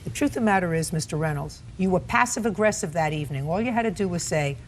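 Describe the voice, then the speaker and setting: Older lady judge, blunt, cuts ppl off, pitch all over the place. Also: animated, fast talker, a little hiss or hum. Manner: blunt, cutting, interrupts often. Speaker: TV courtroom judge. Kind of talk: stern courtroom questioning. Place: TV courtroom set.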